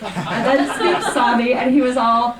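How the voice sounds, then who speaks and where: A woman's voice: a little high, lively intonation, measured pace. Woman playing a giggly teen on the phone. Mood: giddy. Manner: breathless, giggly phone chatter full of odd big words. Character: chatty teenage girl, dreamy, dramatic vocabulary. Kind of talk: solo stage monologue. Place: small performance space. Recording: roomy, distant live VHS recording.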